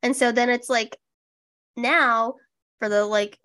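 A woman's voice: fairly high pitch, fairly even intonation, takes it slowly, fairly bright tone. A young woman co-hosting a podcast in casual chat, wry and sarcastic, swearing casually. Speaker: podcast co-host.

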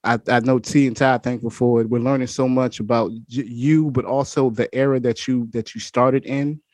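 A male host who speaks enthusiastically in a relaxed, informal way during a podcast conversation. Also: medium pitch, moderate pace, no echo.

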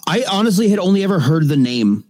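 A man's voice: high voice, sing-song, fast talker, darkish tone. A man co-hosting a podcast, chiming in with brief, dry remarks in casual chat. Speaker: podcast co-host.

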